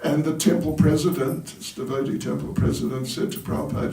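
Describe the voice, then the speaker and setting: A monk gives a storytelling sermon in a temple hall, telling humorous stories and chuckling at his own jokes. His voice is on the high side, gravelly and warm, with a flat delivery at a slightly fast pace. The recording is roomy, and he sounds distant.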